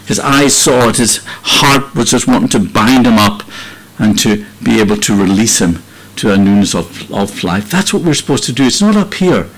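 A man's voice: on the low side, expressive, moderate pace, poor audio. Earnest male preacher, heartfelt. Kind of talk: sermon.

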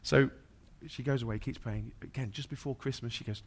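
A man's voice: medium pitch, steady tone, brisk. A man, a pastor, preaching through an anecdote, with many fillers and restarts. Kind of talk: sermon storytelling.

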